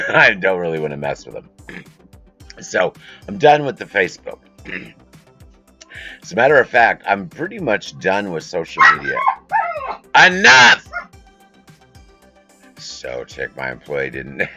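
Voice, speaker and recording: A man's voice: low voice, very animated, unhurried, long pauses, pushed and bright, faint music behind. A man hosting a casual live stream from his home, rambling through business talk and breaking off to scold his dogs. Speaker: host. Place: home room with a curtain backdrop.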